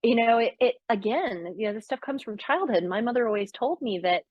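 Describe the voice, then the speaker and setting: Expressive middle-aged woman coach, lo-fi. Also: fairly high pitch, a little fast, no room sound. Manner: emotional, animated storytelling with laughs. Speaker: business coach. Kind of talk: casual conversation.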